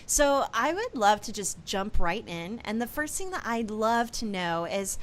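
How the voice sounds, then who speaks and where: A woman's voice: mid-range voice, sing-song, a little slow, a little hiss or hum. Upbeat woman podcast host. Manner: upbeat, friendly introducer. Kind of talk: podcast interview, scripted intro.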